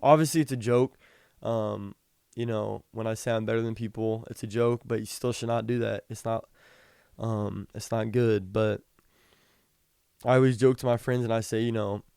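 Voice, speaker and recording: A young man hosting a podcast, talking casually about the Bible, reading scripture slowly and rambling with frequent restarts. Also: fairly low pitch, fairly even intonation, vocal fry, a little mellow, clear, resonant tone, no echo, clean studio sound. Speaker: podcast host. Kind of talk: casual Bible teaching talk.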